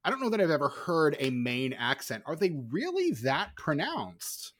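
A man's voice: a little high, huge pitch swings, moderate pace, a bit bright. A man co-hosting a podcast, giving wry, chatty commentary on a film. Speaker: podcast co-host. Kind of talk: casual chat.

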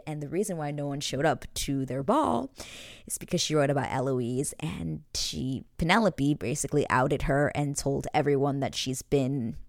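A woman with a low, deep-set voice chats eagerly about a TV episode she loved. She gushes freely and leans on fillers. The sound is close and dry, with no room around it. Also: no echo. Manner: chatty, gushing, frequent fillers. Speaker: TV episode recap vlogger. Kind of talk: casual chat.

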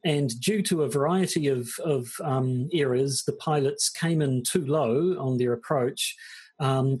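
A man chats his way through a podcast episode as co-host. His voice has a husky, breathy grain, and he talks in a loose, dry, joking manner. He hesitates a lot, filling pauses with ums. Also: mid-range voice, a little mellow. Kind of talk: casual podcast chat.

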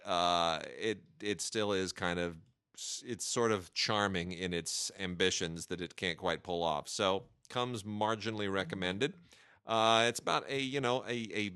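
Wry man with a bright, smooth voice. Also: sits low, no echo, studio quality. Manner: wry, joking, many fillers and restarts. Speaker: podcast host reviewing home video releases. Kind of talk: casual chat.

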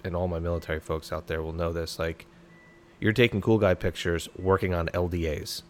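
A man's voice: deep voice, little pitch movement, brisk. A man, a former special operations soldier, talking as a podcast guest in a blunt, profane, fired-up way. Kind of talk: casual podcast conversation.

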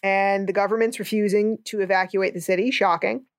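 A woman's voice: medium pitch, steady tone, fairly quick, no echo, clean studio sound. A woman co-hosting a movie podcast in a casual chat, wry and sarcastic, laughing often. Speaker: podcast co-host.

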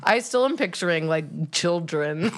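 A woman's voice: on the low side, animated, unhurried. A woman hosting a comedy podcast, rambling and sarcastic, often breaking into giggles. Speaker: podcast host.

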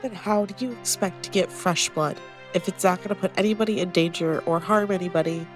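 A woman's voice: on the low side, fairly even intonation, fairly quick, soft background music. A woman playing her character in a tabletop role-play, blunt, confrontational and exasperated. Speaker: tabletop game player.

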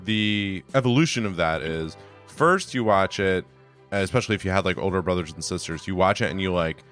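A man's voice: sits low, fairly quick, a bit bright, faint music behind. A man co-hosting a podcast in casual chat, rambling and joking. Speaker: podcast co-host.

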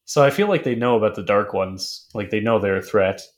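Low-voiced man, rambling podcast chat. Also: a little fast. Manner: loose, rambling recap with frequent fillers and casual swearing. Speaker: podcast co-host. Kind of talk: casual chat.

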